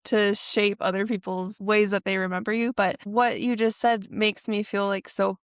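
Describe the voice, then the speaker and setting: A woman's voice: mid-range voice, level tone, normal speed, dry recording, clean studio sound. Reflective woman hosting a podcast. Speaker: podcast host. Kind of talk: interview conversation.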